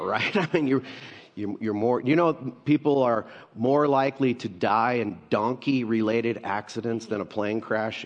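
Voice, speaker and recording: A middle-aged man preaching a sermon in a conversational storytelling way, mixing jokes and asides into his teaching. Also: on the low side. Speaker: pastor. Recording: long hall reverb.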